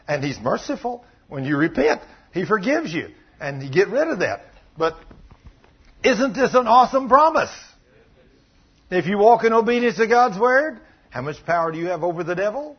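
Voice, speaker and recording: A man preaching a sermon, telling a story and acting out the voices in it, with sudden loud bursts. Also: high voice, sing-song, normal speed, husky. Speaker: pastor. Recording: muffled lo-fi sound.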